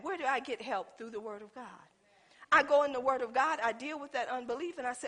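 A woman's voice: high-pitched, fast talker. A woman preaching a sermon, telling stories and calling out to the congregation. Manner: animated storytelling, addresses congregation as y'all.

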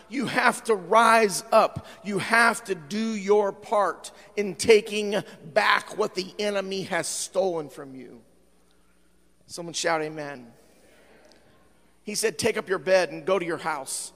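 A male pastor preaching a sermon, with frequent "uh" fillers, swinging between fervent shouting and quieter appeals. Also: sits high, unhurried. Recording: long hall reverb.

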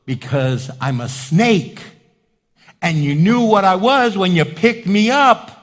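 A man putting on a low wheedling snake. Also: animated, takes it slowly, in a large hall. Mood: blunt. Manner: soft wheedling, whispering. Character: sly pleading snake, cold and cunning.

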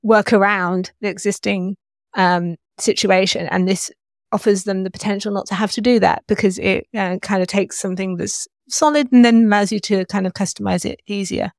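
A woman gives her view as a podcast panelist, thoughtful and measured. Her voice has a gravelly fry to it. The sound is dry and close. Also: medium pitch, steady tone, no echo. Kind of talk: casual tech chat.

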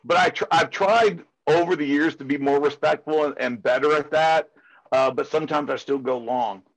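A man's voice: on the high side, moderate pace, poor audio. A man who speaks at security conferences, chatting casually in an interview and drifting into passionate, rambling rants full of "it's like.". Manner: heavy filler use of "it's like".

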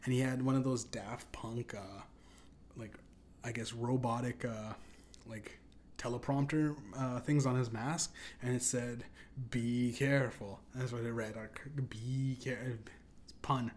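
A man hosting a comedy podcast, rambling through an absurd tall tale in a deadpan, profane way. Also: medium pitch, unhurried, slight background noise. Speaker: podcast host. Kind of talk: improvised comedic storytelling.

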